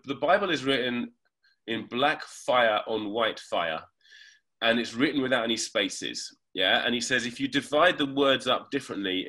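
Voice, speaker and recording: A man talks as an interview guest over a remote call, eager and animated. His voice is bright and forward, and he explains in long, thoughtful runs broken by fillers. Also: medium pitch, husky. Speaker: guest, reverend and hypnotherapist.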